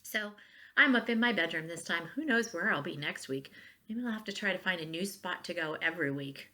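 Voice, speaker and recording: Bright-voiced woman teaching phonics. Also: on the low side, lively intonation. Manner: slow, clear and encouraging, stretching sounds for children. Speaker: elementary school teacher. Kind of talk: phonics lesson for young children. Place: bedroom at home.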